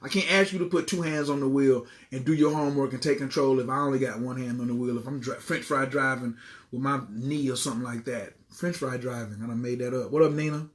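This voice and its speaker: A man, a life coach and healer, talking casually to viewers in a livestream monologue, animated and slangy and often repeating himself. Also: medium pitch, quick pace.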